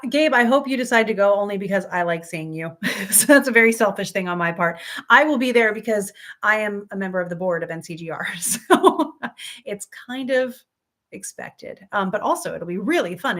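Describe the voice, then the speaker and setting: An upbeat woman hosts a relaxed live stream and teaches astrology in a friendly, talkative voice of middle pitch. She answers viewers by name as she explains, with plenty of ums and easy laughter. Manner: chatty, upbeat, reads out viewer comments, frequent ums and laughs. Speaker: astrology teacher and livestream host.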